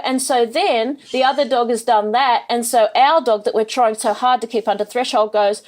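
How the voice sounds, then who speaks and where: A woman dog trainer talking casually on a podcast, rambling and animated, often slipping into quoted voices. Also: on the high side, normal speed, hardly any pauses.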